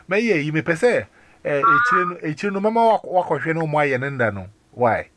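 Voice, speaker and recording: A man with a Ghanaian accent chats casually on the phone. His voice sits a little high, and he rambles animatedly, restarting and exclaiming often. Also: sing-song, brisk, bright, forceful tone, a little hiss or hum. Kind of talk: casual phone chat mixing Twi and English.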